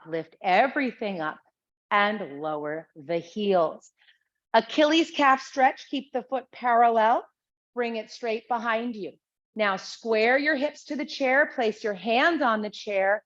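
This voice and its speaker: A woman teaching a chair exercise class, calmly and steadily cueing each breath and movement. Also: fairly high pitch, takes it slowly. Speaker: Pilates instructor. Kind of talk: guided exercise class instruction. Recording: slightly dull lo-fi sound.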